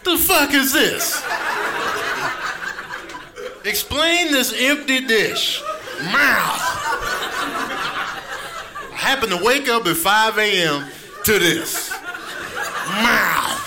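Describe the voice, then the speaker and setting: A man's voice: very high voice, lively intonation, very slow, creaky, long pauses, background noise, pitched above the performer's own voice, heavily acted. A man voicing a demanding, fed-up hungry cat that barks orders. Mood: indignant. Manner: indignant, commanding.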